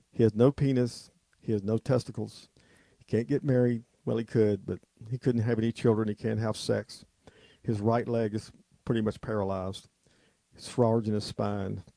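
A man's voice: mid-range voice, vocal fry, dark tone, no room sound. A man hosting a talk radio show, telling a long rambling story and ranting emphatically. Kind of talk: off-the-cuff radio monologue.

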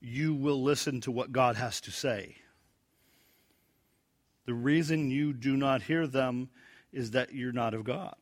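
Guy teaching the bible verse by verse, gets loud acting out the quotes then goes quiet and low explaining. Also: a little slow, long pauses. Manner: animated, acts out quoted lines with rising pitch and volume. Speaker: preacher.

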